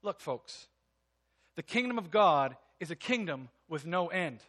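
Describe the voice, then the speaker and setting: A man preaching a sermon. He reads scripture aloud, then explains it in an earnest, emphatic way and sometimes drops to a soft, quiet voice. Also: on the high side, expressive, measured pace, husky. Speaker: pastor.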